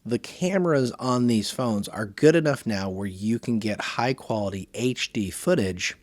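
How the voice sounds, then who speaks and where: A man hosting his podcast, talking casually to camera in one take, with lively emphasis and a habit of saying "right", recorded on a phone camera. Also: medium pitch, unhurried, no room sound, studio quality. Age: adult, working a full-time job. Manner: conversational, varied emphasis, often says "right". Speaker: podcast host.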